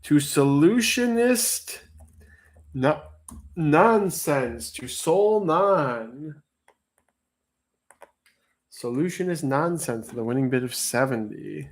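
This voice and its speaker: A man's voice: a little high, lively intonation, slow pace, pauses often. A man hosting a livestream auction, talking casually and rambling with fillers, calling out bids and reading chat. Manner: rambling, chatty storytelling with many fillers; reads out chat messages and calls bids.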